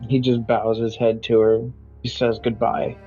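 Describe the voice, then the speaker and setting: Guy playing d&d, really flat and mellow, dull-ish audio. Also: medium pitch, normal speed, faint music behind. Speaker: player. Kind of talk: playing a tabletop game.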